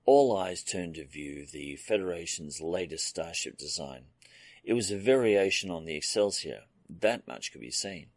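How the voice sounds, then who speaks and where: A man reading a fan fiction audiobook aloud in a steady storytelling manner. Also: sits low, normal speed, no room sound. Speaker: audiobook narrator. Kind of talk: scripted narration.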